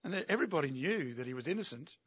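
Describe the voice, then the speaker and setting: A man's voice: fairly high pitch, expressive, quick pace, a bit bright, slightly rough, no room sound. A man preaching an expository sermon, emphatic and asking his listeners rhetorical questions.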